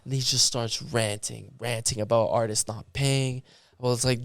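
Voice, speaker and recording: Guy from canada telling a story, says like a lot, kinda gravelly, dry mic. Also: mid-range voice, moderate pace, no room sound. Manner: animated, filler-heavy with lots of "like". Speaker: musician guest. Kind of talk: casual storytelling.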